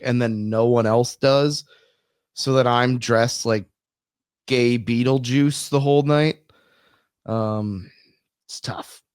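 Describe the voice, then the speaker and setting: Early-30s male comic, mid-pitched, rambling and self-deprecating, dry close sound. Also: fairly even intonation, takes it slowly, a little mellow, clear, resonant tone, no echo. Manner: rambling self-deprecating storyteller, swears freely. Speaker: podcast co-host and stand-up comedian. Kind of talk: casual podcast chat.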